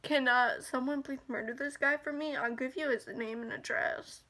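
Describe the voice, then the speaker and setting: A woman's voice: sits high, fairly even intonation, normal speed, bright, forceful tone. A woman in her twenties talking to camera in a personal vlog, upset and angry, ranting and close to tears. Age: 20s. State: emotional, close to crying. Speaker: vlogger.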